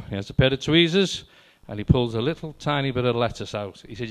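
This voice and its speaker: A man's voice: mid-range voice, lively intonation, fast talker, few pauses. An older man telling doctor jokes and one-liners to a live audience in a chatty stand-up style, talking straight to the crowd. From Wales. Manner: chatty, addresses the audience directly. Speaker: amateur stand-up comedian. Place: library hall with live audience.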